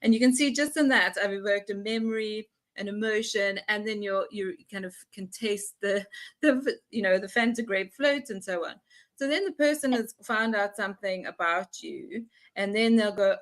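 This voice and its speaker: Woman, young adult, animated, plays out mini conversations. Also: mid-range voice, moderate pace. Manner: animated, acts out little dialogues. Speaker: workshop facilitator. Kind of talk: conversational explaining.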